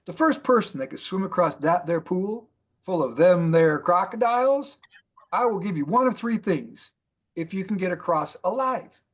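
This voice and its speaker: A man's voice: sits high, expressive, normal speed. A man doing a folksy old oil tycoon.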